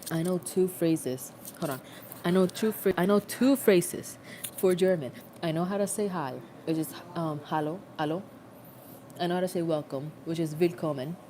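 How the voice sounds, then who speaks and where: A woman's voice: lowish voice, moderate pace, mellow, slight background noise. A young adult woman rambling in a casual, self-mocking livestream chat, recorded on a phone.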